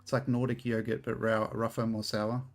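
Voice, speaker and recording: Gravelly Australian man chatting on stream. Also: on the low side, little pitch movement, normal speed, soft background music. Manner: rambling, swears freely, jokes at himself. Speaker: game streamer. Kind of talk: casual live-stream chat while playing.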